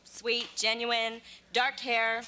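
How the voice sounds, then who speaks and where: A woman's voice: on the high side, completely flat delivery, very slow, bright, forceful tone, a little hiss or hum. A woman on a dating show, earnestly describing what she is looking for. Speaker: contestant. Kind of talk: casual chat.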